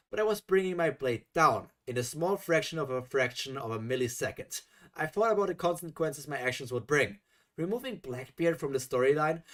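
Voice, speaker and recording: Guy reading fanfic out loud on stream, animated, keeps getting exasperated. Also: mid-range voice. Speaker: reaction streamer. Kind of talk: reading a fan story aloud with live reactions.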